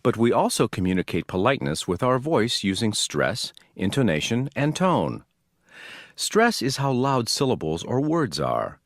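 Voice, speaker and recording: A man giving scripted textbook narration in a slow, demonstrative teaching manner. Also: medium pitch, sing-song, dry recording, studio quality.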